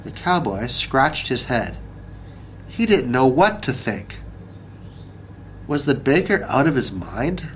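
Male narrator for a children's storybook, slow and gentle pacing. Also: medium pitch, sing-song, a little hiss or hum, low-quality recording.

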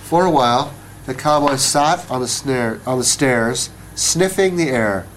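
Male narrator for a children's storybook, slow and gentle pacing. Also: medium pitch, expressive, a little hiss or hum, rough recording.

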